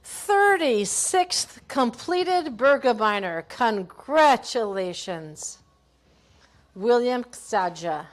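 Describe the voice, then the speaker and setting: A woman's voice: a little high, lively intonation, drawn-out words. A woman from Minnesota announcing skiers at a race finish line, calling each name and hometown with brief praise. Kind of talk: live race-call announcing.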